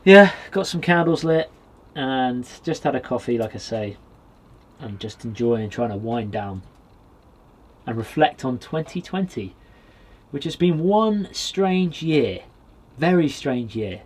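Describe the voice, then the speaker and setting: A man from Britain vlogging from a small wood cabin with a stove, chatting in a relaxed way and talking straight to his viewers. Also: medium pitch, takes it slowly. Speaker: outdoors vlogger. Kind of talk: casual vlog to camera.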